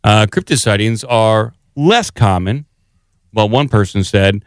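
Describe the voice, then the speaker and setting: Smooth-voiced male podcast co-host. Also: on the low side, measured pace, dry recording. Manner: playful, reads quotes in a mock accent. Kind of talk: casual chat, reading articles aloud.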